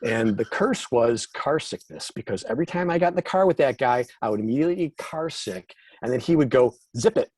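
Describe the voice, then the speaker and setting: Male guest musician, husky, self-deprecating storyteller in a dry recording. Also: medium pitch, lively intonation, brisk, a little mellow, no room sound. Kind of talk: casual interview chat.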